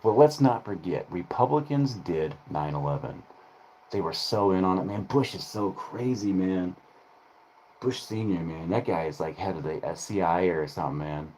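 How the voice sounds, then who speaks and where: A man's voice: low voice, moderate pace, a little mellow, slight background noise. A man ranting casually on his channel, rambling and profane. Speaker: streamer.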